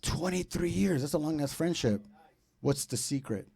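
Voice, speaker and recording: Raspy, animated male comedy host. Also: on the high side, moderate pace. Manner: loud, profane, teasing banter with the audience. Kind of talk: stand-up crowd work. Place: comedy club stage.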